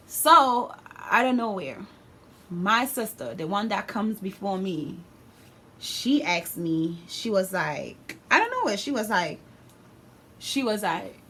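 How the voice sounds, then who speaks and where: Young woman vlogger, lowish voice, animated slangy storyteller, light background noise. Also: a little slow. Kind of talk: storytime vlog.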